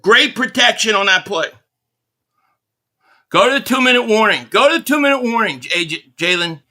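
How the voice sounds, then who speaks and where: High, bright, excitable male stream host. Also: normal speed. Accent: Philadelphia. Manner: excitable fan commentary, reading out super chats. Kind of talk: live play-by-play reaction stream.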